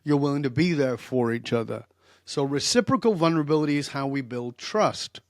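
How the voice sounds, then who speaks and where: A man's voice: mid-range voice, brisk, no echo, studio quality. An older man telling stories in a direct, emphatic way as a guest in a podcast interview. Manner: direct, emphatic, animated storyteller. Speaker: guest expert.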